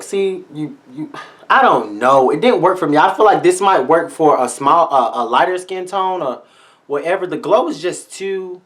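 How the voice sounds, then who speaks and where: A man with a slightly high voice gives a makeup review vlog. He is sassy and flamboyant, with a salty edge, and talks straight to his viewers. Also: a bit bright. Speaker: beauty vlogger.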